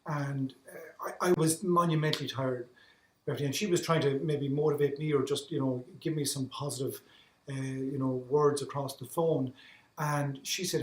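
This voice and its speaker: An Irish man, an endurance athlete appearing as a podcast guest, tells his story in earnest, often repeating words as he restarts sentences. His mid-range voice keeps a fairly even intonation at a moderate pace, and the reflective conversation is recorded with a roomy echo.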